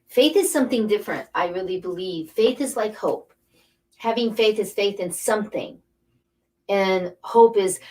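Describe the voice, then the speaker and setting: Her voice sits on the low side and has a slightly mellow quality. This middle-aged spiritual coach and angel card reader wanders through an informal, uplifting talk, stressing her points and saying key phrases more than once. The mic picks her up from a little way off.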